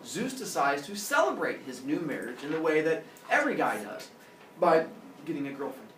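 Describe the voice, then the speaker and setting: A male teacher telling myths to his class in a jokey, animated way, acting out the characters. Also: on the high side, normal speed, slight background noise. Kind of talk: storytelling lesson. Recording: roomy classroom audio from far off.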